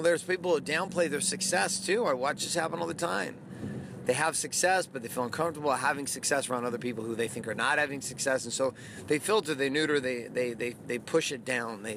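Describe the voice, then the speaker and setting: A man's voice: medium pitch, gravelly, background noise. A man hosting a podcast, talking in an emphatic, candid motivational monologue and swearing freely. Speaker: podcast host.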